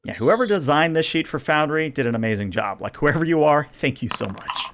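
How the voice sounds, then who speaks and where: A man running a tabletop game as game master, explaining rules and narrating in a relaxed, chatty way. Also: fairly high pitch, fairly quick.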